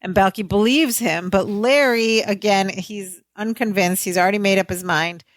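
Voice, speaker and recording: A woman co-hosting a sitcom rewatch podcast, casually retelling the plot with quick asides and easy laughter. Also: mid-range voice, no room sound. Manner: chatty storyteller, laughs easily, brief asides. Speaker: podcast co-host. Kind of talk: casual recap chat.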